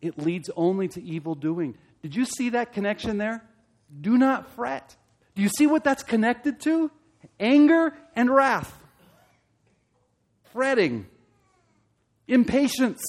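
A male pastor delivering a sermon in a somewhat high voice. He talks straight to the congregation with pointed questions and swells into loud, emphatic stretches. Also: animated, a little slow, pauses often. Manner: impassioned, rising to loud emphatic peaks.

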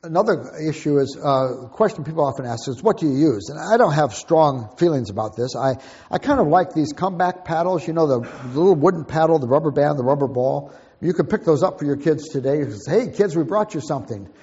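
A man's voice: fairly high pitch, expressive, fairly quick, a little mellow, breathy edge. An older man teaching on Christian parenting in a conversational, plain-spoken way. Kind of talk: teaching talk to an audience. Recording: dull lo-fi recording with long hall reverb.

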